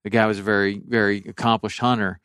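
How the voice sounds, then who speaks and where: A man's voice: lowish voice, flat delivery, fast, fairly bright tone, clean tone, dry recording, studio quality. A middle-aged man chatting casually and telling a long story, rambling with restarts and livening up when he quotes others.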